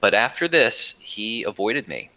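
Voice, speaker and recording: A man as a podcast guest, telling a personal story in an earnest, reflective way with halting restarts. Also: on the low side, very animated, sharp tone, low-quality recording.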